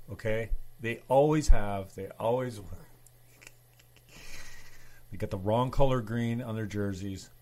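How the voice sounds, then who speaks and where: A male host with a lowish voice rambles through casual chat on his show. He swears freely and wanders from thought to thought. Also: a little slow, long pauses, mellow. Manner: rambling, profane.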